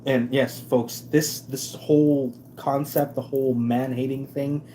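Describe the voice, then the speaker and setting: A man with a mellow, warm voice rants on his live stream, sarcastic and emphatic, stumbling over restarts as he goes. Faint noise hums behind him. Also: medium pitch, little pitch movement, unhurried. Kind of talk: casual ranting commentary.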